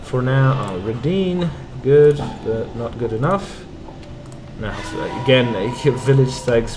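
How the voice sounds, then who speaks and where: Speaking slowly at a medium pitch, a male game streamer gives casual let's-play commentary, reading the game's text aloud and muttering asides. Game music plays behind him.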